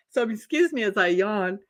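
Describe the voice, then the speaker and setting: A woman hosting a tarot live stream from her home office, chatting loosely with viewers, addressing them by name and yawning now and then. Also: mid-range voice. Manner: chatty, rambling, talks to viewers by name, yawns often. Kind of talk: casual chat on a live stream.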